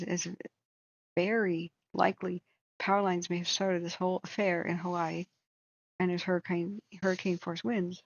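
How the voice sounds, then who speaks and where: A woman's voice: on the low side, lo-fi sound. A woman who hosts a wildfire tracking channel, giving a blunt, heated commentary rant with swearing.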